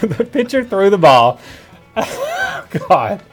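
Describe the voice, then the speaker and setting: A man's voice: high voice, sing-song, takes it slowly, soft background music. A man co-hosting a comedy podcast, telling bad jokes in casual banter and laughing at his own punchlines. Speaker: podcast co-host.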